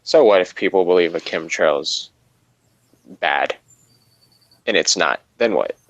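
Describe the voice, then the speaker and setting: A man's voice: deep voice, expressive, measured pace, dull audio. A man in a casual online hangout chat, talking in a profane, scoffing way and laughing often, on a video call mic.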